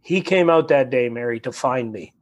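A man from Canada, a guest in a conversation, telling a story with animated energy, acting out quotes and often repeating his words. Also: medium pitch, normal speed, dull audio.

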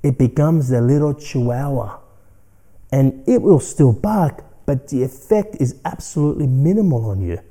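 A man hosting a spiritual self-help podcast, talking earnestly and reflectively and dropping to soft, hushed lines between emphatic ones. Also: mid-range voice, lively intonation, moderate pace. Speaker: podcast host.

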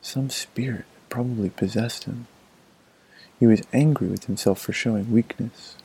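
A man narrating a folk tale in a measured, expressive storybook manner. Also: medium pitch, husky, rough recording.

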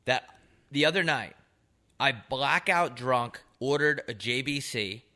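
A young man co-hosting a podcast, telling rambling, profane stories in casual chat. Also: medium pitch. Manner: rambling, profane, animated storytelling. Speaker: podcast co-host.

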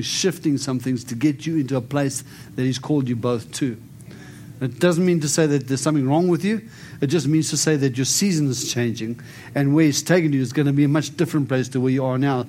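A man's voice: mid-range voice, a little fast, dark tone, a little hiss or hum. A man preaching and prophesying over a congregation, emphatic and declaring, often coaxing his listeners to respond. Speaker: preacher giving prophetic ministry. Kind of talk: charismatic sermon and prophecy.

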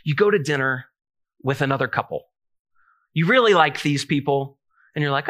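Bright-voiced, chatty male preacher. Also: on the high side, normal speed. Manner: casual, conversational preaching with self-deprecating humor. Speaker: pastor. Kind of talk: sermon.

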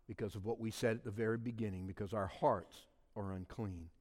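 A man preaching a sermon, swinging between shouted emphasis and hushed, quiet asides. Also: lowish voice, brisk, hardly any pauses, in a large hall. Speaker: pastor.

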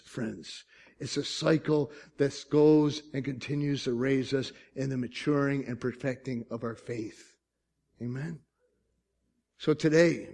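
A middle-aged man preaching a sermon as pastor, swinging between loud, fast stretches and quiet, drawn-out ones, often asking the congregation "Amen?". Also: a little high, gravelly.

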